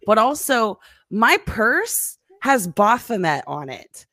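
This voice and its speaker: A woman's voice: a little high, big pitch swings, slow pace, heavy background noise. A woman in her thirties co-hosting a podcast, telling stories in casual chat, swearing freely and laughing often. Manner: profane, storytelling, laughing often. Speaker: podcast co-host.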